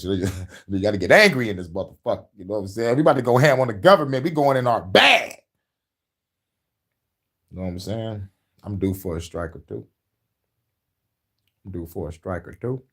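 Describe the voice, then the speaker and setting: A middle-aged man hosts his own podcast in a loose, profane rant. His voice sits low yet leaps up in bursts and shouts, with frequent laughter breaking in. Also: slightly rough. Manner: profane, animated, laughs often, shouts at times. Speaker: podcast host.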